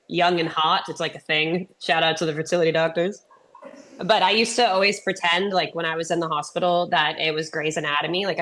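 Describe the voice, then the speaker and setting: A woman's voice: lowish voice, a bit bright. A woman in her thirties from Texas, a comedian giving a keynote talk as a chatty, self-deprecating storyteller while getting over a sinus infection. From Texas, USA. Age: 30s. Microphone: remote presentation.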